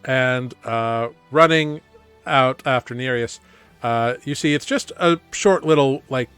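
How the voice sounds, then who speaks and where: Rambling male game master, clear voice. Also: mid-range voice, slow, a bit bright, soft background music. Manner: casual, rambling, full of fillers. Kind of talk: narrating a tabletop game.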